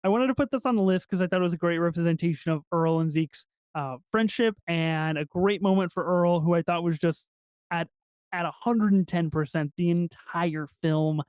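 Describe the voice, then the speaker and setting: A man co-hosting a podcast in casual film review chat, excitable and swearing freely as he acts out movie lines. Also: on the high side, moderate pace, smooth, dry recording, studio quality. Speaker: podcast co-host.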